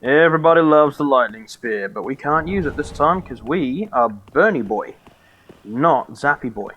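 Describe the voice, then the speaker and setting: A man's voice: mid-range voice, lively intonation, moderate pace, a bit bright, lo-fi sound. Exasperated swearing streamer, man. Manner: exasperated, swearing, muttering to himself. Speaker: game streamer. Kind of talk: live gameplay commentary. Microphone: desk microphone.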